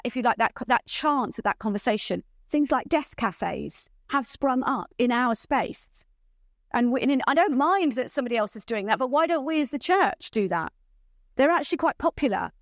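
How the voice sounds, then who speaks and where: A woman's voice: high voice, no room sound, studio quality. A woman presenting a church leadership training session, enthusiastic and often checking in with her audience. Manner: enthusiastic, checks in with rhetorical questions.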